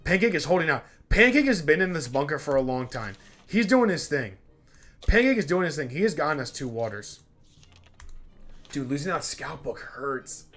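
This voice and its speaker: A man giving let's play commentary as a gaming YouTuber, talking to his characters, repeating himself, pleading and excitable. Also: a little high, normal speed.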